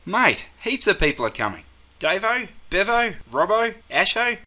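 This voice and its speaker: A man's voice: sits high, big pitch swings, normal speed, bright, forceful tone, heavily acted. A man doing a cheery Aussie mate. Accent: Australian. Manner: easygoing slangy chatter. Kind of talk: scripted comedy sketch.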